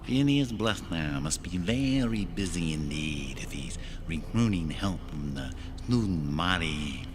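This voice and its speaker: A man playing a menacing, cultured male killer doctor in a stage play, speaking slowly and mockingly. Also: deep voice, lively intonation, noisy background. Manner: slow, sinister, mocking.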